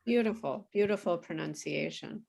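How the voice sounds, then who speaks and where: A woman tutoring English pronunciation over a video call, explaining slowly and patiently. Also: on the low side, gravelly, darkish tone, slightly rough. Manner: slow, careful teacher explaining with apologies and laughs. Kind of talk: online pronunciation lesson.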